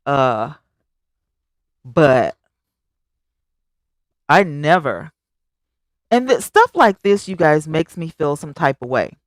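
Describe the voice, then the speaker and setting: This woman talks slowly and pauses often while hosting a live stream, chatting emphatically and reading viewer comments aloud. She's animated, her pitch jumps on exclamations, and she speaks right to her audience. Clean studio sound without echo.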